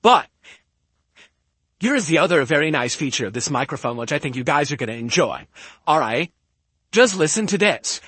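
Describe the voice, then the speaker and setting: An emphatic man on a home stream who argues his point and keeps checking in with "okay?". His voice sits a little high for a man. He talks right into a close podcast mic, with a dry, roomless sound. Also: sing-song, normal speed, pauses often, fairly bright tone, husky, dry recording. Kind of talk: casual stream talk. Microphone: studio podcast mic close up.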